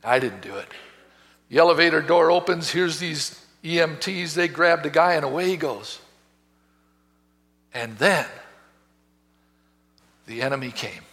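A man preaching a sermon as pastor, telling a story with passion, swinging between hushed and loud. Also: on the high side, expressive, a little slow, pauses often. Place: church sanctuary. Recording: reverberant church hall.

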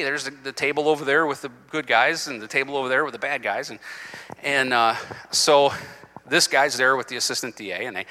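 Middle-aged preacher guy telling a story, acts out the dialogue, bright tense voice, echoey church hall. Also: mid-range voice. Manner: animated storytelling, acting out quoted exchanges. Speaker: pastor. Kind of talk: sermon. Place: church sanctuary. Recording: long hall reverb.

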